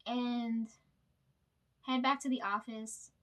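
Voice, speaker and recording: A woman in her late twenties chats her way through a long storytime, wandering off track and cursing freely. Her voice sits a touch high, and she talks in the loose, unscripted way of a vlogger catching up with viewers. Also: fairly even intonation, takes it slowly, fairly bright tone. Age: late 20s. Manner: rambling, sidetracked, swears freely. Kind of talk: casual storytime chat.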